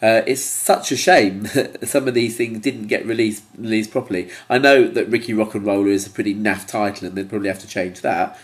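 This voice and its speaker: A man with a slightly low, stuffy, nasal voice from blocked sinuses. He talks to camera in a loose, rambling way and fills his pauses with ums. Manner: rambling, hesitant with many ums. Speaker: YouTuber. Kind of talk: casual talk to camera.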